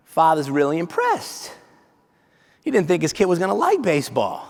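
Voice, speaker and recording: Man, keynote speaker, high voice, playful and lively, audience prompts, long hall reverb. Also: moderate pace. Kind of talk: motivational keynote talk. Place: large conference hall.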